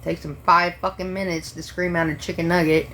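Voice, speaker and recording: A woman's voice: on the low side, flat delivery, fairly quick, pushed and bright, slight background noise. A woman who works as a restaurant server, ranting casually on a livestream and swearing freely in an exasperated way.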